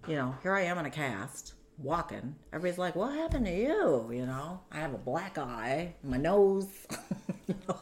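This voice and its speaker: A guest with a low, expressive voice and moderate pace shares her own story in an earnest, candid conversation. The telling tumbles forward, filled with "you know" and "like."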